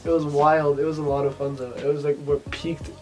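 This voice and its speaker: A man's voice: fairly high pitch, flat delivery, brisk, darkish tone, faint music behind, poor audio. Rambling, profane young man in casual chat. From family ties to Texas. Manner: rambling, profane, many fillers. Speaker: podcast host.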